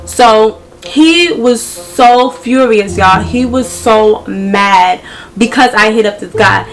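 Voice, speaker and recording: A young woman, telling a story to her viewers in an animated, slangy way. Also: fairly high pitch, slow pace, faint music behind, rough recording. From New York. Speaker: vlogger.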